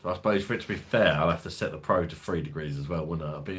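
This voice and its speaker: Brief: low-pitched male streamer, loose and profane, chatty rambling delivery. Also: rapid-fire, hardly any pauses, a bit bright. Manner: swears freely, rambling, laughs often. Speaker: beer review channel host. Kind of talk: casual livestream chat reading viewer comments.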